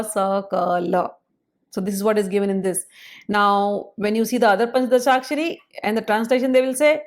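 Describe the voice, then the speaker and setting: Woman, a spiritual teacher; slightly high voice, explanatory and measured lecture delivery. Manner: explanatory, measured, pausing to spell out syllables. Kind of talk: spoken lecture.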